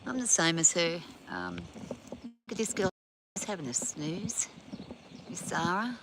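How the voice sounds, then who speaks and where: A woman's voice: fairly low pitch, wildly swooping pitch, a little slow. A woman on a farm, casually telling rambling stories and talking to her horses. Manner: rambling anecdotes, chatting to the animals. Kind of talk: casual chatty storytelling. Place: outdoors on a farm. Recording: outdoor recording with background noise.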